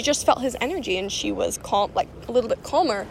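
A woman's voice: fairly high pitch, brisk, vocal fry, few pauses, a little hiss or hum. A young woman rambling casually about spiritual energy and self-healing, with lots of fillers and restarts.

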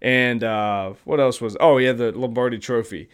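A man's voice: mid-range voice, steady tone, normal speed, smooth. A man hosting a podcast, talking casually and profanely about sports with strong opinions. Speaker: podcast host.

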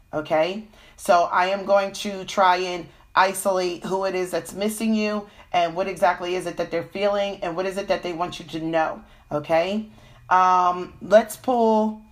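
A woman with a cold giving a casual live-stream tarot reading, full of fillers and "okay?" check-ins. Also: mid-range voice. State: has a cold. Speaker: tarot reader.

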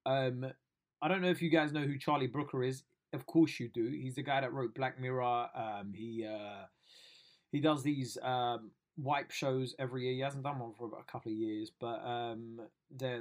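Man, casual video diary, excitable, slangy, self-mocking. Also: medium pitch. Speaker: comedian vlogger.

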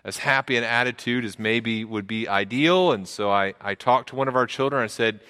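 Bright-voiced preacher in a reverberant hall. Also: male voice, normal speed, clean tone. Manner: earnest, repeats words, rises in pitch for emphasis. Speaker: pastor. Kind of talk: sermon.

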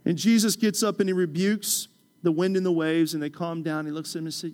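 A man's voice: fairly high pitch, fairly even intonation, a little fast. Impassioned man preaching a sermon. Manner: impassioned preaching, rising loud then dropping soft. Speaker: pastor. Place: church.

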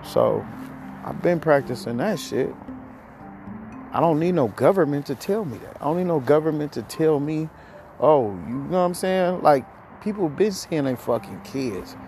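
Gravelly man ranting hotly. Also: a little high, lively intonation, normal speed, a little mellow, faint music behind. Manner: profane, heated, rambling. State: out of breath. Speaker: podcast host. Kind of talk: ranting monologue.

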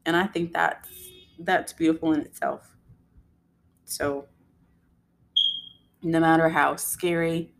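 Chatty young woman, low-pitched. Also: vocal fry. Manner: chatty, laughing asides, quoting herself scolding her son. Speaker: podcast host. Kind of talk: casual storytelling monologue.

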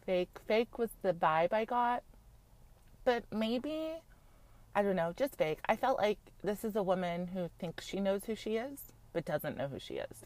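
A woman recaps a reality show in a casual, gossipy way, frank and chatty, dropping "like" constantly and swearing freely. Her voice is medium pitched and there's no room sound.

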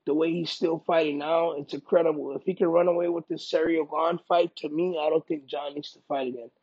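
A man's voice: a little high, fairly quick, slightly rough, no echo, dull audio. A man, a fighter being interviewed, talking casually and emphatically, repeating his points. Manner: emphatic, repeats himself, bursts into loud excited quoting.

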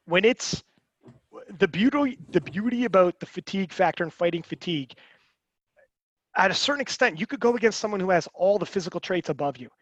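A man talking casually on a podcast, animated and rambling, with frequent restarts and swearing. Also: high voice, fairly quick, no echo, dull audio.

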